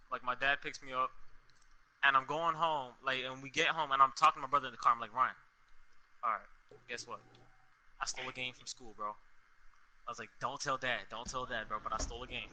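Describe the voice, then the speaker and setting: A young man telling a story in a casual, animated way, full of slang and swearing, on a podcast with friends. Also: mid-range voice, smooth, poor audio. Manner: animated, profane, street slang. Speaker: podcast co-host.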